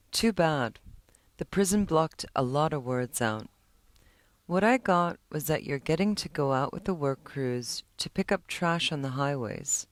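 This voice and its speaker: Troubled teen boy, voiced by a woman: slow, earnest, close and dry. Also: deep voice, no echo. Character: troubled teenage boy, angry and lonely.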